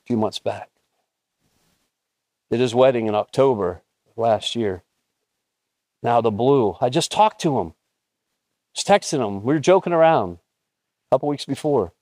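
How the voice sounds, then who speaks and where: A man in his fifties preaching a conversational, storytelling sermon with bursts of excitement. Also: mid-range voice, normal speed, pauses often, no room sound, studio quality. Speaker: pastor.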